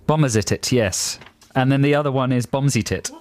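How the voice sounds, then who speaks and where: A man's voice: mid-range voice, fairly quick. A man co-hosting a comedy podcast, reading emails and adding wry asides with laughter. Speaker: podcast co-host. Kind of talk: casual comedy chat, reading listener emails.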